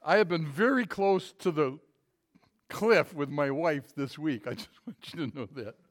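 Preaching to his congregation, a middle-aged pastor takes a down-home, self-deprecating tone, tripping over restarts and working in a funny story. His male voice is on the high side.

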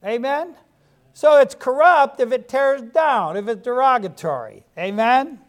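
Man, middle-aged, pastor, sermon, folksy, high-pitched, frequent amens. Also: lively intonation, unhurried. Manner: folksy preaching, frequent "amen" asides.

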